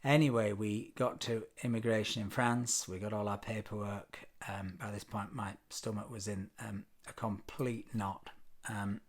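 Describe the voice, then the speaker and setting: British man, lowish husky voice, rambling vlog storytelling, lots of ums, wry asides. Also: level tone, unhurried. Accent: British English. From Britain. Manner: rambling, many ums and uhs, wry self-deprecating asides. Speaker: vlogger. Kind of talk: casual storytelling to camera.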